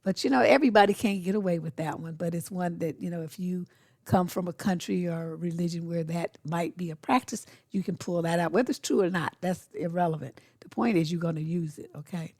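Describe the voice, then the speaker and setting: Talking straight to you, this middle-aged woman plays a blunt, sassy dating coach, tossing in quick acted-out exchanges during an easygoing advice monologue. Her voice sits lowish, a little mellow, with gravel underneath. There's no echo; it sounds close-miked in a small, dead room.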